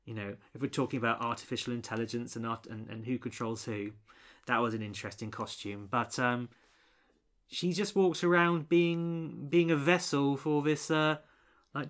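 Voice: medium pitch, a bit bright. A co-host reviewing a film in casual chat, rambling with many restarts and fillers.

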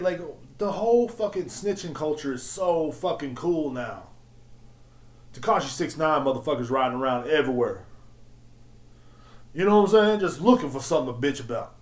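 A man hosting his own podcast, ranting in a profane, slangy, animated way. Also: mid-range voice, normal speed, pauses often. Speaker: podcast host. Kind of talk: profane solo podcast rant. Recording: roomy echo.

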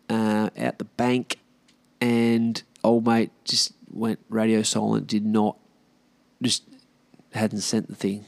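A man's voice: mid-range voice, smooth, dry recording. An Australian man hosting a podcast, chatting casually on his own in a blunt, sweary, rambling way. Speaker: podcast host. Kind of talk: casual solo podcast chat.

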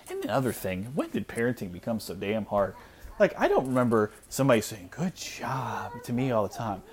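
Thirties male podcast host, mid-pitched, very lively intonation, blunt exasperated ranter. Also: brisk. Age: 30s. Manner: blunt, exasperated ranting with frequent "like" fillers. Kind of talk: solo ranting podcast. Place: at home with small children nearby.

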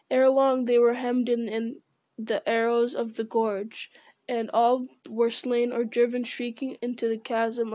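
A woman reads a fantasy novel aloud at a steady pace, now and then stumbling on a word and going back. Her voice sits fairly high, and the sound is dry with no room echo. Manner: steady reading with small stumbles and self-corrections. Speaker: reader.

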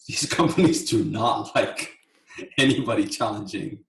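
Low-voiced man in a roomy, echoey room. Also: vocal fry. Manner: reflective, halting, repeats words. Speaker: podcast co-host. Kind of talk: casual chat. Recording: roomy echo.

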